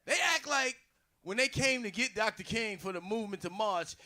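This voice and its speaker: A man's voice: high-pitched, normal speed, sharp tone. A man doing a stand-up routine on a club stage, drawing out his lines and acting out voices. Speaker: stand-up comedian.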